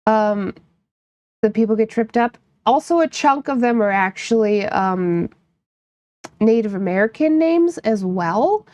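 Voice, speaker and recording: A woman's voice: on the high side, animated, measured pace, a little mellow, no echo. A woman from upstate New York, chatting casually with her live-stream viewers, playful and laughing often while she teases chat.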